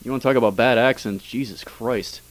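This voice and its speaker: A man's voice: medium pitch, a little fast. A man co-hosting a radio comedy show, teasing and cracking jokes in casual chat. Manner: wisecracking, teasing. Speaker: radio co-host.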